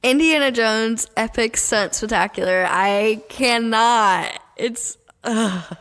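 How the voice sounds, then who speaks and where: A woman's voice: on the high side, slow pace, fairly bright tone, big-room sound. A woman co-hosting a casual podcast, talking in a chatty way with lots of "like" and "you know". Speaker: podcast co-host. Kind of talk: casual chat.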